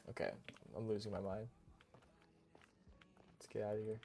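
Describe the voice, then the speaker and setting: A young man streaming a game, talking casually in a goofy, excitable, rambling way full of slang. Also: lowish voice, normal speed, long pauses. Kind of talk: casual live-stream commentary.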